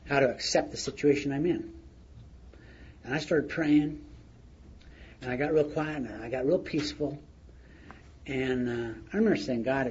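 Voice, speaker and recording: A man's voice: medium pitch, a little mellow. A middle-aged man sharing his recovery story in a plain-spoken, storytelling way with chuckles. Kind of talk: recovery meeting share. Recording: muffled lo-fi recording with faint noise.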